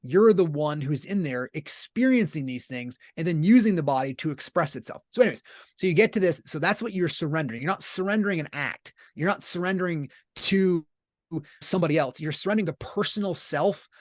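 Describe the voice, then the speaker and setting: Podcast guest: a man with a fairly high voice, earnest and explanatory, recorded dry and close. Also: expressive, a little fast, no room sound. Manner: earnest, explanatory, uses many rhetorical "right?" checks. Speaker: podcast guest, business leader. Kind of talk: casual conversational interview.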